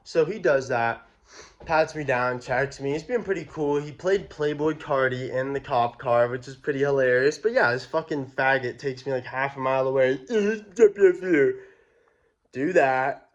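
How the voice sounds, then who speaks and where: A man's voice: mid-range voice, moderate pace, dull audio. A young man telling a personal story in a casual, slangy, profane way. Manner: slangy, profane, animated retelling. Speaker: vlogger.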